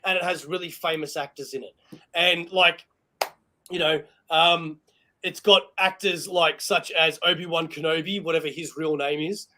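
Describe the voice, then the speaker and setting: An Australian man with a notably high voice co-hosts a casual live chat show. He talks in excitable, rambling bursts and laughs at himself often. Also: moderate pace, a little hiss or hum. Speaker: podcast co-host.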